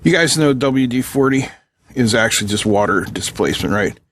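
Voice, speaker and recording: A man's voice: medium pitch, expressive, brisk, fairly bright tone, slight background noise. A man hosting an electronics tutorial from his workbench, talking casually and joking with viewers while he solders and tests a circuit board. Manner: joking, chatty asides while working. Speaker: electronics channel host.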